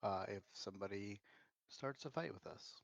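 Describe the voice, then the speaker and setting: Quiet low guy at a dnd table, gravelly, talks quick. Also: no room sound. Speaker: player. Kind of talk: casual game chat.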